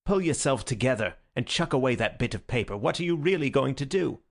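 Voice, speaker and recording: A man's voice: mid-range voice, animated, a little fast. A man voicing a blunt, exasperated doctor in an audiobook, speaking curtly. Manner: curt, exasperated. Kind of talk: audiobook character voice.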